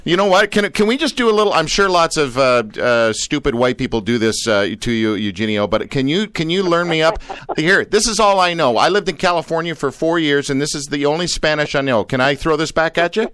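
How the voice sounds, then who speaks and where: A man's voice: on the high side, fairly quick, fairly bright tone, clean tone, dry recording. A Canadian man hosting a radio show, rambling and joking with many fillers. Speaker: radio host. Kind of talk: casual radio chat.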